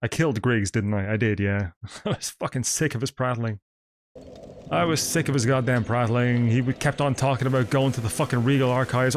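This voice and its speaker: A man's voice: mid-range voice, a little fast. A man giving live gameplay commentary in a sardonic, profane, chatty way. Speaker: streamer. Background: game music.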